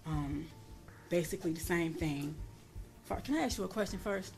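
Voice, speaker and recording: A woman's voice: on the low side, moderate pace, gravelly, a little mellow, soft background music. A woman testifying in a courtroom, blunt and profane, raising her voice when she re-enacts what was said. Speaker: defendant at a plea hearing.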